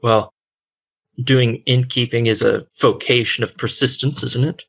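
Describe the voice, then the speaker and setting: A man's voice: mid-range voice, fairly even intonation, unhurried, gravelly, pushed and bright, slightly rough, heavily acted. A man voicing a nervous, jittery male dwarf innkeeper who stammers and fumbles his words. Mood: flustered. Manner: stammering, flustered.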